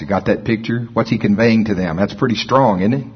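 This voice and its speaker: A man preaching an informal sermon in a conversational way, with slow, deliberate scripture reading and a husky voice. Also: lowish voice, muffled recording.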